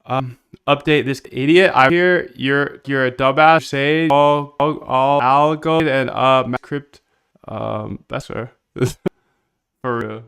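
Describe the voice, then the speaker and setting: A man live streaming while he builds software, chatting in a rambling, slangy way and reacting to his chat. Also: medium pitch, slow pace, gravelly, clean tone.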